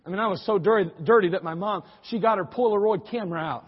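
Folksy, high-voiced preacher in a reverberant hall. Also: male voice, fast, husky. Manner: folksy, humorous, repeats phrases for emphasis. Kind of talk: sermon storytelling. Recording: dull sound with long hall reverb.

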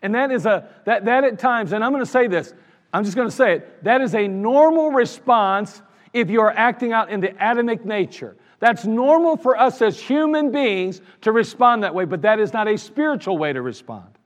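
A male pastor delivers an earnest, emphatic sermon, driving points home by repeating words. His voice sits notably high for a man. The sound carries a long reverberant tail from the church sanctuary he preaches in. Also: expressive, moderate pace.

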